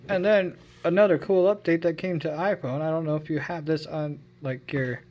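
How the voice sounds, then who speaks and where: A man's voice: fairly high pitch, fairly even intonation, moderate pace, darkish tone. A man giving a casual phone review, rambling and correcting himself as he goes. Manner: rambling, self-correcting, unsure of his numbers. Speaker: tech vlogger.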